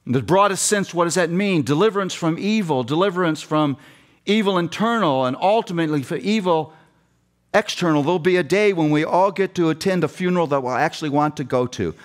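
Passionate high-voiced male preacher. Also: expressive, brisk. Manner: passionate, emphatic repetition. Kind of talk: sermon. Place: seminary chapel.

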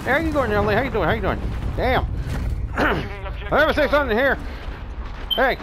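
A man's voice: very high voice, big pitch swings, normal speed, noisy background. A man playing an online shooter, joking crudely and swearing as he plays. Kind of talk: casual gameplay banter. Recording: gunfire game audio under voice.

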